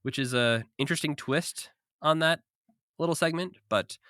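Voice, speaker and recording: A man's voice: on the high side, normal speed, sharp tone, dry recording, clean studio sound. A man co-hosting a podcast, chatting casually and recapping with frequent laughs. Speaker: podcast co-host. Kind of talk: casual chat.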